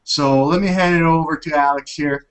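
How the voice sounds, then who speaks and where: A man's voice: fairly high pitch, fairly even intonation, moderate pace, clean tone, rough recording. A man hosting a casual tech podcast, chatty and upbeat, rambling as he talks. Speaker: tech show host.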